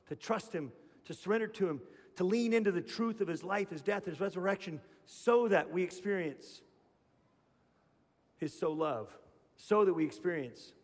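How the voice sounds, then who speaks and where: Middle-aged pastor guy preaching, high voice, lively storytelling, big church hall echo. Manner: animated storyteller, acts out voices. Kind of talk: sermon.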